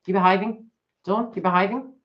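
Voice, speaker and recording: A woman's voice: mid-range voice, steady tone, a little fast. A woman reading cards on a live stream, chatting to viewers by name and laughing often. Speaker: tarot reader hosting a live stream. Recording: dull lo-fi live stream audio.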